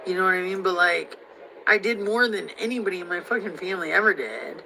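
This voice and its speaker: A young woman rants in a rough, gravelly voice with a bright, cutting edge. Her talk is crude, heated and rambling, full of fillers and restarts. A faint noise sits in the background. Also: lowish voice, fast, poor audio. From Missouri. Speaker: vlogger. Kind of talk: profane rant to camera.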